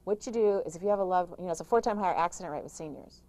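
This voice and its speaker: A middle-aged woman, an author, giving emphatic, rapid-fire caregiving advice in an interview, with frequent restarts. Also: fairly low pitch, mellow, dry recording, poor audio. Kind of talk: interview answers.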